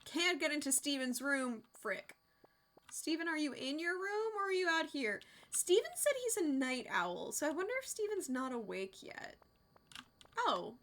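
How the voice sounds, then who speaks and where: A young woman chats casually through a game livestream, expressive and freely swearing. Her voice sits high and sounds bright and forceful. A faint hiss runs under the recording. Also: moderate pace. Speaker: game streamer. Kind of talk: casual livestream chat while gaming.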